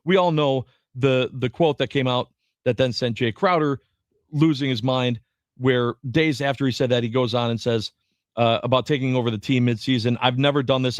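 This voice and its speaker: A man co-hosting a sports radio show in casual talk, animated and given to quick restarts as he reads quotes aloud. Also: mid-range voice, no room sound.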